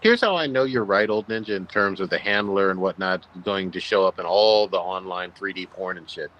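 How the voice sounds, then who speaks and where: A man's voice: deep voice, brisk, dull audio. A man co-hosting a casual gaming podcast, telling crude stories with emphasis and drawing out words for effect. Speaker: podcast co-host.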